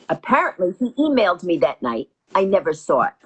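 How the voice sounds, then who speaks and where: A woman from New York telling stories as an interview guest, quickly acting out every quoted line. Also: fairly low pitch, sing-song, slightly rough, rough recording. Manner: rapid anecdotal storytelling, acting out quotes. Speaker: interview guest, comedienne and author. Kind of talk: animated storytelling.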